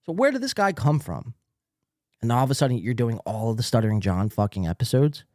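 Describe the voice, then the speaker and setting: Sarcastic, swearing podcast host with a lively voice. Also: male voice, mid-range voice, a little fast, no room sound, studio quality. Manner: sarcastic, mocking, heavy swearing. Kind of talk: reaction commentary on clips.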